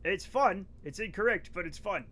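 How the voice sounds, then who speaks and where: High bright-voiced joking streamer man. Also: lively intonation, moderate pace, a little hiss or hum. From United States. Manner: loud, joking, rants and laughs at chat. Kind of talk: casual live-stream chat.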